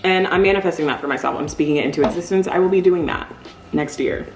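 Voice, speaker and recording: A woman's voice: deep voice, quick pace, reverberant, background noise. A woman in her thirties talking candidly in a casual, rambling vlog while decorating cookies, using lots of fillers. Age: 30s. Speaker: vlogger.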